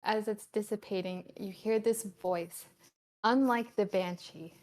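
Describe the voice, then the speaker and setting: A woman running a casual tabletop game as game master, halting and giggly, with many fillers. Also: medium pitch, steady tone, a little mellow.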